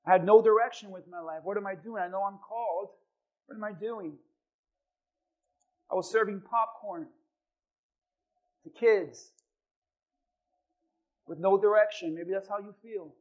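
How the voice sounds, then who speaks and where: A man, a pastor, preaching a sermon and telling personal stories, acting out the quoted voices with lively swings in loudness. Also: high voice, measured pace, long pauses, lo-fi sound. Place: church.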